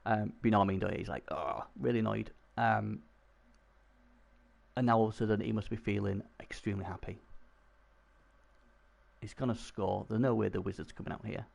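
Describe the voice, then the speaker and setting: Chatty guy commentating his game stream, low gravelly husky voice, gets excited. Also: a little fast, long pauses. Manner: chatty, excitable, talks to chat.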